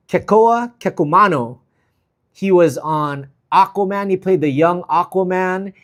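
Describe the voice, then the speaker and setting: Easygoing guy chatting on his travel livestream, reading comments out, voice a touch on the high side. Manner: easygoing, chatty, many fillers, gives shout-outs. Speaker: travel vlogger hosting a livestream. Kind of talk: casual livestream chat, reading viewer comments.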